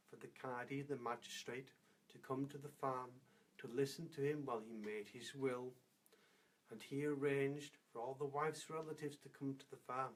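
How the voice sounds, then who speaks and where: A man telling a folk fable aloud, unhurried and expressive, dropping soft at times. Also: fairly high pitch. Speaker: storyteller. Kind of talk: oral storytelling of a fable.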